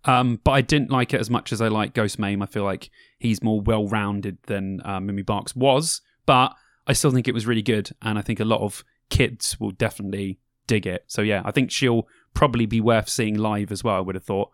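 In a lowish voice with fairly even intonation, this young man talks briskly as a podcast co-host reviewing festival bands. His casual chat rambles, full of ums, as he describes music styles. The studio-quality recording has no room sound.

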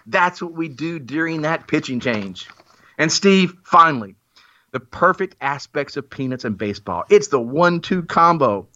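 A man's voice: a little high, lively intonation, normal speed, sharp tone. A man giving a playful, theatrical mock-persuasive monologue in a self-mocking way. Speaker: guest making a comic pitch. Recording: muffled lo-fi recording.

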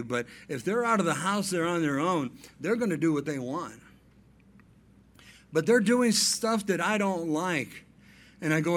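High-voiced preacher telling family stories. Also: male voice. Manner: storytelling preacher, swings between soft asides and emphatic raised points. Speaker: pastor. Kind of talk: sermon.

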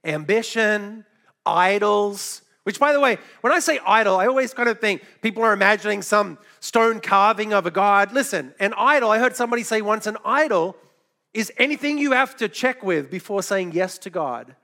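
Bright, gravelly-voiced male pastor preaching. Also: sits high, lively intonation. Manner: conversational storytelling with asides and quick laughs. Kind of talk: sermon.

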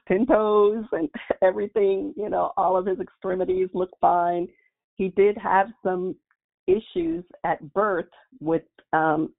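Woman guest giving a heartfelt faith testimony, gravelly tone, heard over a tinny call-in line. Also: low voice. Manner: earnest, heartfelt storytelling.

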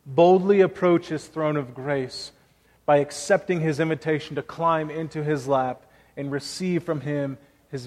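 Earnest pastor, ringing church reverb. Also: male voice, on the high side. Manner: earnest, conversational preaching with personal stories. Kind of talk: sermon.

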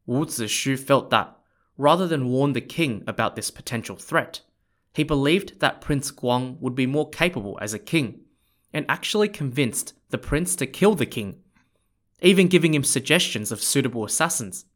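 A man narrating a history tale in a relaxed, conversational podcast style. He speaks at an ordinary middle pitch and often turns aside to talk straight to his listeners. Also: normal speed. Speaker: podcast storyteller. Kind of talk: casual history storytelling.

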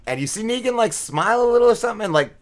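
A man's voice: sits high, lively intonation, racing, a little hiss or hum. A man on a podcast giving a casual, rambling recap of a TV episode, full of fillers, restarts and swearing. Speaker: podcast co-host.

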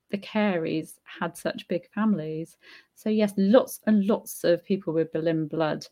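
A woman hosting a live stream, reading out viewer comments and answering them in a thoughtful, hesitant way, with many fillers and restarts. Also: fairly low pitch. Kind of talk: casual live Q&A talk. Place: home in Spain.

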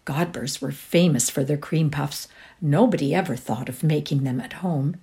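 A woman with a Canadian accent giving a dramatic reading of a short story, acting out each character's lines. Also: normal speed. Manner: voices each character with lively shifts in pitch. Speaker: reader.

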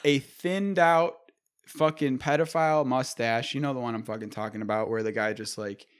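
A man's voice: medium pitch, fairly even intonation, normal speed, clear, resonant tone. A man in his twenties telling a story in casual, profane chat, acting out what people said. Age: 20s.

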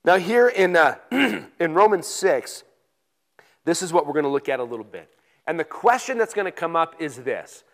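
A pastor with a notably high voice delivers a relaxed, conversational sermon. He reads scripture aloud slowly and with emphasis, then explains it in everyday words.

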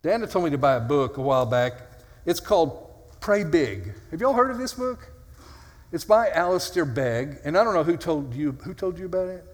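A man's voice: a little high, big pitch swings, normal speed. A male pastor preaching an earnest, conversational sermon with dry, self-mocking humor. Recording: long hall reverb.

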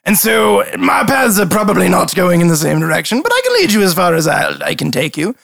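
A man's voice: high-pitched, very animated, brisk, creaky, a bit bright, dry recording, studio quality, heavily acted. A man voicing an arrogant male dragon lord in human guise, scornful and theatrical, in a tabletop game.

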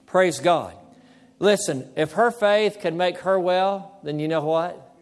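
A man preaching a sermon as pastor, calling for amens and slowing down to stress key words. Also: sits high, long reverb tail.

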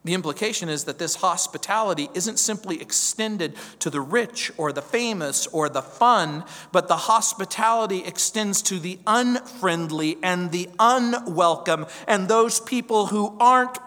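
A man with a high voice delivers a verse-by-verse sermon as a pastor. He builds his points with repeated phrases and rhetorical questions, pressing each one home. The sound carries the long tail of a large church hall. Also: unhurried, hardly any pauses, bright, forceful tone.

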